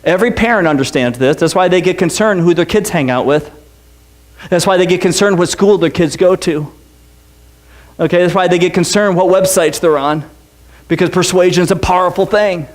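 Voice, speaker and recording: High-voiced animated preacher man. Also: moderate pace. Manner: animated, joking storyteller who acts out the crowd and Pilate. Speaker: pastor. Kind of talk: sermon. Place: church sanctuary.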